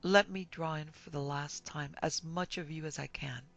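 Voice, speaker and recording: A woman voicing a bitter disfigured blind man bent on revenge, speaking in a quiet, coaxing, menacing way in a horror audiobook. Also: low-pitched, fairly even intonation, moderate pace, creaky, soft background music. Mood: pleading.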